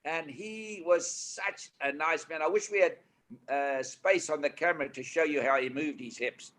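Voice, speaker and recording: An older man with a South African accent tells his stories with animated, emphatic energy. His voice is bright and forceful and sits fairly high. He slips into preaching at times. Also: moderate pace. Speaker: guest. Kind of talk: storytelling on a talk panel.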